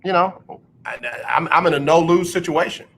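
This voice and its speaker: A man's voice: fairly high pitch, normal speed, gravelly, low-quality recording. A man hosting a sports talk radio show, joking and laughing as he reads listener texts. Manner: animated, laughs often.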